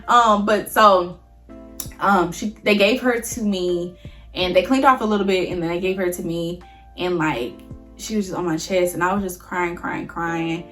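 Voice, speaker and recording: Chatty young woman with soft music behind. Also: fairly low pitch, steady tone, normal speed. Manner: chatty and emotional, addresses viewers as y'all. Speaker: vlogger. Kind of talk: casual storytelling to camera.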